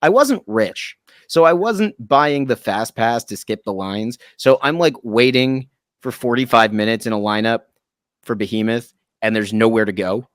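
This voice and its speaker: A man's voice: medium pitch, moderate pace, no room sound, clean studio sound. A man in his thirties from Canada, a guest actor telling rambling, self-deprecating stories in casual chat and acting out what others said. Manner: rambling self-deprecating storyteller who acts out quotes.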